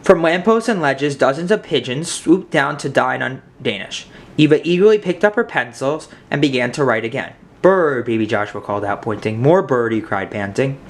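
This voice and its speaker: A man reads a children's picture book aloud, narrating with lively, expressive storytelling. He leans into the dramatic moments with rising energy, in the middle of a man's pitch range. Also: a little fast.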